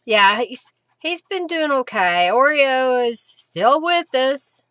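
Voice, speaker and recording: A woman's voice: high voice, lively intonation, slow, fairly bright tone, clear, resonant tone. A middle-aged woman, chatting casually and answering viewer comments as she works on a craft live stream. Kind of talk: casual chat while crafting.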